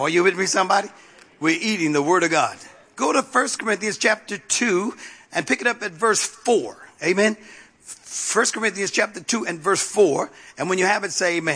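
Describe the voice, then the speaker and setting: High husky preaching pastor. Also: male voice, sharp tone. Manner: call-and-response preaching, repeats phrases. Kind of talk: sermon.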